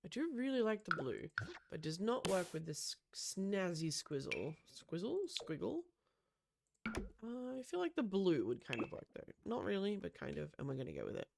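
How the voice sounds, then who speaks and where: Chatty woman with a gravelly edge. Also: on the low side, big pitch swings, moderate pace, background noise. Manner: chatty, lots of "um" and gasps. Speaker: Sims builder. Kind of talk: casual gameplay commentary.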